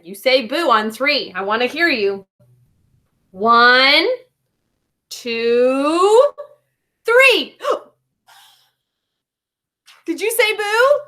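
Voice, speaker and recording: A woman's voice: sits high, pushed and bright, exaggerated voice. A woman voicing a small, fretful young male penguin who keeps breaking his words with hiccup gasps, reading a children's storybook aloud. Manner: gasping hiccups between words.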